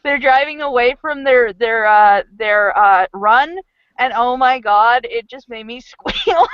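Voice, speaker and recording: A woman game master in casual, chatty talk about a tabletop game, excitable and full of fillers. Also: fairly high pitch, takes it slowly, clear, resonant tone, no echo, dull audio.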